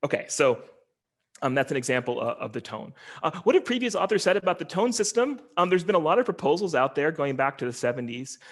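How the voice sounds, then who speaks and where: A man's voice: on the high side, very animated, fast. A male linguistics lecturer giving an online talk, explaining step by step with many ums, uhs and restarts.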